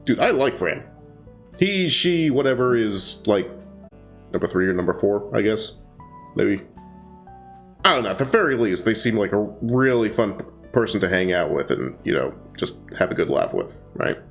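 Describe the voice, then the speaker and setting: A man's voice: on the low side, very animated, normal speed, soft background music. A man reading a visual novel aloud, breaking off for casual, joking asides with mild swearing. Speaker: game reader.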